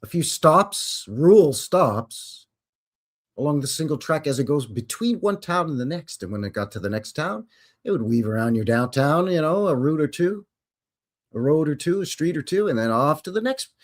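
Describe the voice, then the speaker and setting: A man with a slightly high, expressive voice at normal speed hosts a live show, reading history aloud. He keeps breaking off for wry, sarcastic, chatty ad-libs and often corrects himself.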